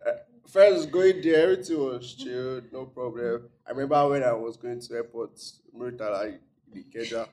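A man's voice: medium pitch, normal speed. A Nigerian man, a guest on a chat show, telling stories about his travels with a straight face. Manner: deadpan, straight-faced humor. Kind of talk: casual storytelling.

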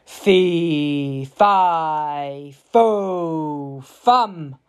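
Female reader as storybook giant, hungry, booming, slow drawn-out chant. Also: darkish tone, smooth. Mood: roaring.

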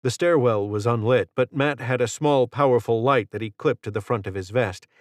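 A man reading an audiobook narration in a steady, measured way. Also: medium pitch, dry recording, studio quality. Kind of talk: scripted narration.

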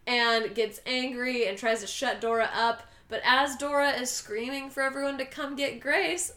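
A woman's voice: high-pitched, normal speed, hardly any pauses, bright, forceful tone, reverberant. A woman on a podcast, animatedly retelling a movie scene and acting out characters' lines. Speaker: podcast co-host. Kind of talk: casual movie recap chat.

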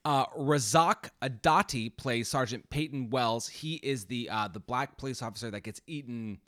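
A man's voice: medium pitch, moderate pace, no room sound, studio quality. A man co-hosting a casual movie podcast, talking through cast and box office figures with his wife, swearing now and then. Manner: animated, swears casually, reads out stats. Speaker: podcast co-host.

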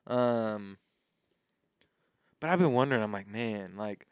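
A man co-hosting a podcast, talking loosely and excitedly with lots of filler words. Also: on the low side, slow pace, smooth, dry recording, clean studio sound. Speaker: podcast co-host. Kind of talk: casual chat.

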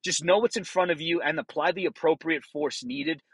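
A man's voice: fairly high pitch, moderate pace, a bit bright, breathy edge, no echo, rough recording. A man, middle-aged, who speaks as a former police officer in a casual monologue, blunt and profane, acting out the voices he quotes.

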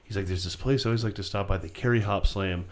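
A low-voiced man talks casually and bluntly, swearing freely. He drifts off on tangents before getting back to the story. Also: fairly even intonation, fast. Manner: blunt, profane, rambling. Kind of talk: casual chat.

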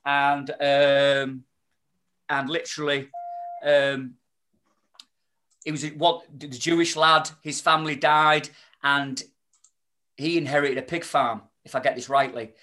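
A man's voice: on the high side, level tone, takes it slowly, long pauses, bright, forceful tone. A man, chatting as a podcast guest, rambling with many restarts and fillers. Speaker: podcast guest, spoken-word performer. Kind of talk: casual podcast chat.

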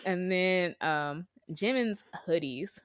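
A woman's voice: fairly low pitch, slow pace, no room sound, clean studio sound. A young woman chatting casually as a podcast co-host, gushing and laughing often as she talks. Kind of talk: casual fan chat.

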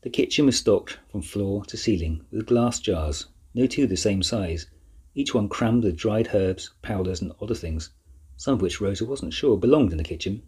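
Guy reading a kids' book, deep voice, super clean and smooth. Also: lively intonation, normal speed, dark tone. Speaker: audiobook narrator. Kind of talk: scripted narration.

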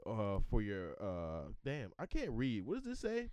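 A man's voice: on the low side, wildly swooping pitch, measured pace, a little mellow. A man hosting a casual group chat, playfully teasing and reading out questions. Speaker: host asking game questions.

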